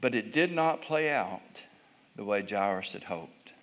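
A male pastor preaching a sermon, telling Bible stories and acting out the people in them with big swings in pitch and volume. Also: animated, unhurried, fairly bright tone.

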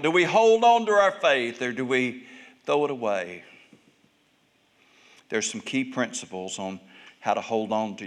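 With a fairly bright tone, a male pastor preaches a sermon built on Bible stories, playing out their characters through big changes in pitch and volume.

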